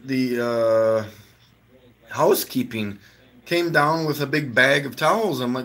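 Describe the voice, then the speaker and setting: A man with a bright, forward voice chats his way through loose, meandering stories on a live stream. He swears casually and slips laughs into his telling. His pitch sits in an ordinary middle range. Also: lively intonation, unhurried. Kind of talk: casual rambling storytelling. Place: at home.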